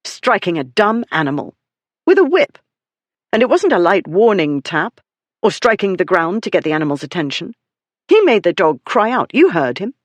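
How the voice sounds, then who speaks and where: A woman's voice: on the low side, big pitch swings, moderate pace, dry recording, voice pushed up. A narrator doing a fierce young noblewoman. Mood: indignant. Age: young adult. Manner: crisp, commanding, indignant. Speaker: story character.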